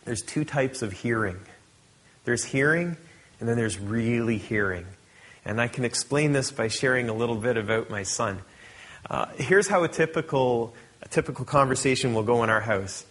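A man's voice: medium pitch, normal speed, fairly bright tone. A middle-aged man preaching a sermon, reading scripture aloud and explaining it in a conversational way. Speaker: pastor.

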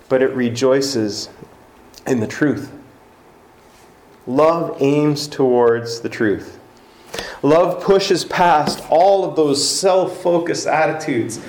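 A man preaching a sermon, conversational and animated, often repeating words as he tells stories. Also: on the high side, slight background noise. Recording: roomy hall echo, faint ambience.

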